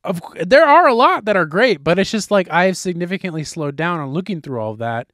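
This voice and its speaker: A man chatting casually on a podcast, rambling and circling back with a lot of false starts. His voice sits a bit above the usual pitch for a man. It's recorded close and dry, with no room sound behind him. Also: expressive, fairly quick, fairly bright tone, dry recording. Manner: rambling, full of fillers and restarts. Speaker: podcast co-host.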